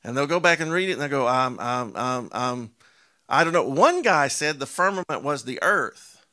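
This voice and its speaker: A man preaching a sermon, drawing out key words slowly for emphasis and asking rhetorical questions, telling stories with animation. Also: mid-range voice, expressive, pushed and bright.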